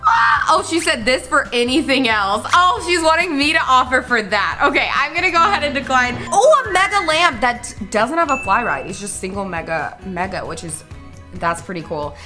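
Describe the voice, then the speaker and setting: A bubbly woman talks her viewers through game-play in a high voice that swoops up and down all the time, breaking into squeals and gasps. Music plays clearly behind her. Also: sing-song, moderate pace. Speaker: gaming channel host. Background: background music.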